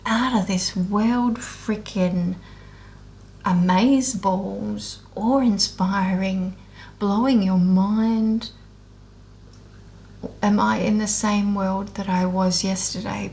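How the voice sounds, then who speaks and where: Her medium-pitched voice is creaky and mellow as she talks candidly and off the cuff about her spiritual awakening. The woman swears a lot and speaks bluntly, but she's earnest and emotional, wandering and starting over at times.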